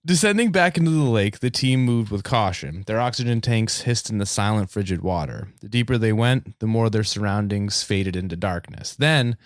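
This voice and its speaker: A man from the United States hosting a comedy podcast, telling a story in a loose, animated way. He laughs often and swears casually. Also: on the low side, moderate pace, hardly any pauses, no room sound, clean studio sound. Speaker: podcast host.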